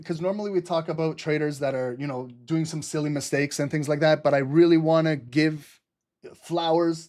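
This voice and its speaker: Hype trading-stream host, a man with a slightly high voice, quick, loose and profane. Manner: excited, fast-talking, laughs often, swears casually. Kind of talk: live trading commentary.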